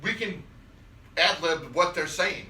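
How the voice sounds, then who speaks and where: A man's voice: on the high side, animated, takes it slowly, sharp tone, far from the mic. Rambling, cursing man in a noisy room. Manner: rambling, profane, trailing off with fillers. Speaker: podcast co-host. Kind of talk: casual podcast banter. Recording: roomy and noisy, away from the mic.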